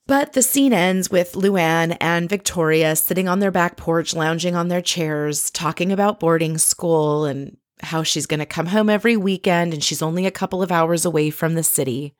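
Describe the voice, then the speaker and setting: A woman's voice: fairly low pitch, moderate pace, hardly any pauses, no echo, studio quality. A woman giving a chatty, opinionated recap of a reality TV episode, telling it like a story.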